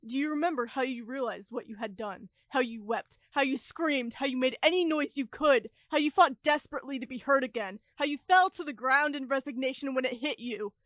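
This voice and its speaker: A woman's voice: sits high, fairly quick, hardly any pauses, a bit bright, no room sound. A woman actor playing a taunting woman's voice that accuses a silenced nymph, in an experimental theater monologue. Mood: accusing. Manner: accusing, rising to intense repetition. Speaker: stage actor.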